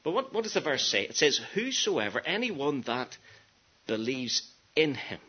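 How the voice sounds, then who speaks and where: A man preaching a gospel sermon, earnest, dropping to hushed tones and then rising to emphatic peaks. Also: medium pitch, sing-song, normal speed, breathy edge. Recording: dull lo-fi sermon recording.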